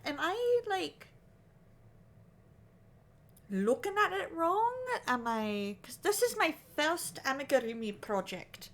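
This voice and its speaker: A woman livestreaming her crochet work, chatting casually in a put-on Scottish accent and thinking aloud as she wonders if she is doing it right. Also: high voice. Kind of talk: casual live-stream chat.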